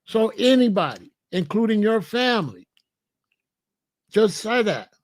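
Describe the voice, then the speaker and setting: High-voiced guy, aave, preachy and in your face, dry close sound. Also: animated, unhurried, no echo. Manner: confrontational, repeats questions, preachy. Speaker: host answering a viewer. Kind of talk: live-stream commentary.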